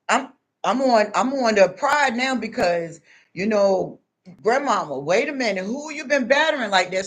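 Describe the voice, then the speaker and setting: An older woman tells a story in a spiritual monologue, acting out the quoted voices with big pitch jumps. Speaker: spiritual speaker.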